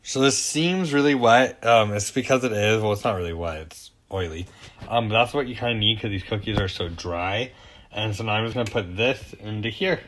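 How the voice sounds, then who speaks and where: The host of a casual home cooking show, a young man, keeps up chatty, self-deprecating banter with loose fillers and asides as he cooks in his kitchen. He speaks at a moderate pace in a lowish, fairly bright voice, over a slight hiss or hum.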